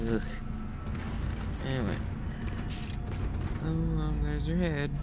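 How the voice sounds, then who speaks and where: A man's voice: fairly high pitch, slow, very noisy. A man giving casual, jokey commentary while playing a horror game and talking to it. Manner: excitable, jokey, talks to the game. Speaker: let's play gamer. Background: game music.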